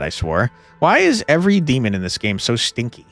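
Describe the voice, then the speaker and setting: A man's voice: mid-range voice, wildly swooping pitch, fairly quick, fairly bright tone, faint music behind. A man streaming a game live, chatting playfully with viewers and reading the story text aloud.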